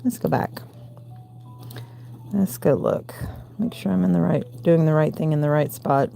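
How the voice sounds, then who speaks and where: A woman in her forties with a gravelly voice and a Southern US accent, hosting a late-night crochet livestream from home and counting stitches aloud between chatty asides. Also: sits low, moderate pace, dark tone. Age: 40s. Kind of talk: casual crochet tutorial chat.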